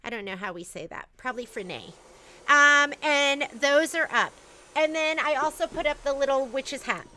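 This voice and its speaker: A woman's voice: sits high, moderate pace, bright, forceful tone. A woman hosting a casual store livestream, chatting in a rambling way with lots of fillers and restarts.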